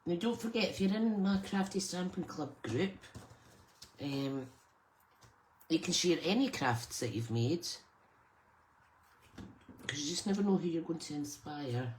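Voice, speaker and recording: A woman's voice: deep voice, animated, a little slow, long pauses, a little mellow, a little hiss or hum. A Scottish woman hosting a live crafting stream, chatting casually and greeting viewers by name as she works. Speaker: crafting channel host.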